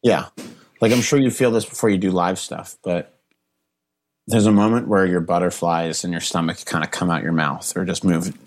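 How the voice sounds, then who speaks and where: A man with a low, deep voice chats as a comedian guest on a podcast. He talks earnestly and emotionally, stopping and restarting his sentences, leaning on fillers as he thinks aloud. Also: steady tone. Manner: halting, full of restarts and fillers. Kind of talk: casual podcast chat.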